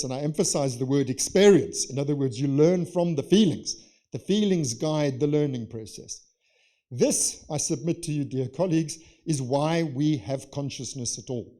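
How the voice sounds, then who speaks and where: Male conference lecturer, slightly high and mellow voice, animated, asks the room rhetorical questions. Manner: lively, poses rhetorical questions and acts out scenarios. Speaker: conference speaker. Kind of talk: academic lecture. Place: conference session.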